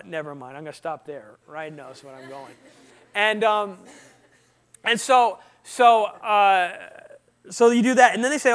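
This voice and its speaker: A man sharing his testimony with students in an animated storytelling talk, often asking the audience questions. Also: high-pitched.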